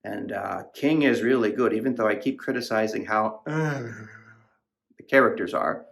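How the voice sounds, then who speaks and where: Gravelly man rambling about a book. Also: lowish voice, moderate pace, fairly bright tone. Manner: rambling, profane, heavy with fillers. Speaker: podcast host reviewing a novel. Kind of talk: casual book discussion.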